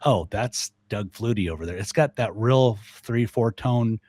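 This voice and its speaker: An older man, a guest on a podcast, talking casually and lively, mimicking sounds as he explains. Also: on the low side, measured pace, no room sound. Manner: animated, mimics elk bugles and voices. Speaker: guest, elk calling expert.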